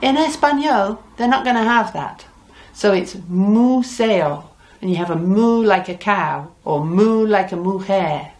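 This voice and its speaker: A woman teaching a language lesson, repeating each word slowly and mixing English with Spanish. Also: mid-range voice, expressive. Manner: drills words slowly, repeats each one; cheerful, mixes English and Spanish.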